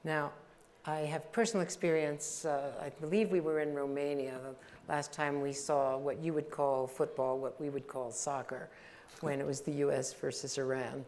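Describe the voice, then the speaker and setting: A woman's voice: low-pitched, steady tone, normal speed, a little mellow. An older woman interviewing a guest on stage, asking questions in a chatty, conversational way. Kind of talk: panel interview.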